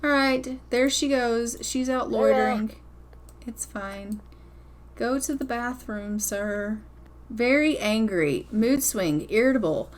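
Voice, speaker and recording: A woman's voice: on the high side, takes it slowly, a little hiss or hum. Chatty woman narrating a life-sim game. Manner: chatty, blunt, swears casually. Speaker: gameplay commentator. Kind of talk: casual gameplay commentary.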